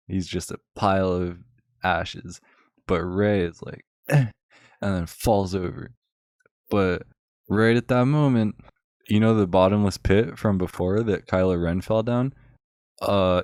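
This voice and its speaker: A man with a low, deep voice rants sarcastically to a friend in a loose, rambling way, full of filler words. The recording is dry and close, with no room echo. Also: a little mellow. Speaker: channel host. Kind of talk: casual rant to a friend.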